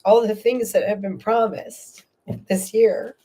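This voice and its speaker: A woman in the middle of a live tarot reading, speaking with heartfelt emotion and reassurance. Her voice sits at an ordinary middle pitch, warm and sincere, with a faint hiss of background noise. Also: steady tone, slow pace. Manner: earnest, emotional, soothing, with casual swearing. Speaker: tarot reader and host.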